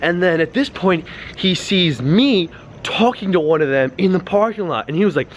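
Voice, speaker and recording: A young man vlogging outdoors into a handheld camera, telling a story excitedly, swearing often and acting out quotes in a high yelling voice. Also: fast, a little hiss or hum. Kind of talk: casual storytelling vlog.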